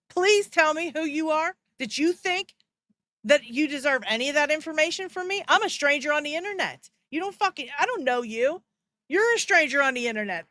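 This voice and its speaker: A woman's voice: sits high, a bit bright, no room sound. A young woman hosting a live stream, ranting bluntly and profanely in reaction to a clip. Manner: heated ranting at chat.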